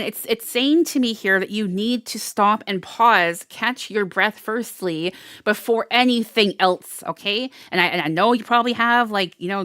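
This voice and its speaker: A woman's voice: mid-range voice, fairly bright tone, no echo, studio quality. A woman doing a casual, intuitive tarot reading, chatty and rambling with frequent restarts. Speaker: tarot reader.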